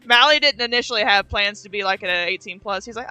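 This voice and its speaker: A woman's voice: mid-range voice, quick pace, sharp tone, smooth. A young woman streamer chatting casually, slangy and laughing often. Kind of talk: casual chat.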